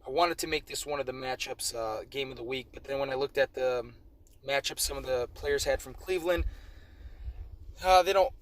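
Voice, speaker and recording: A man's voice: medium pitch, normal speed, a bit bright, a little hiss or hum, rough recording. A tired man hosting a fantasy football league preview in a casual, rambling way, with slightly slurred speech and frequent self-corrections. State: tired, late at night. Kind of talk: casual game preview commentary.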